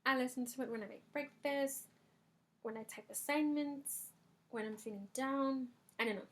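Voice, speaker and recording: In a high-pitched, somewhat bright voice at a moderate pace, a young vlogger reviews music from her bedroom. She's chatty and casual, sprinkling in many ums.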